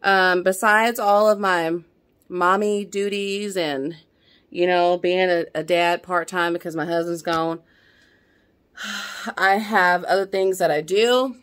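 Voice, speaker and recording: A woman's voice: fairly low pitch, fairly even intonation, slow pace, a bit bright, smooth. A middle-aged woman chatting to camera at home in a rambling way, slightly out of breath. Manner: rambling, chatty, lots of fillers and restarts. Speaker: vlogger. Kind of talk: casual chat to camera. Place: at home, indoors.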